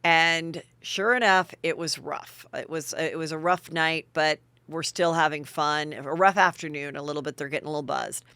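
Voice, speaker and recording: A woman's voice: deep voice, steady tone, moderate pace, few pauses, pushed and bright, clear, resonant tone, dry recording. A woman hosting a podcast, chatting gossip with sarcastic asides. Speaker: podcast host. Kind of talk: gossip commentary.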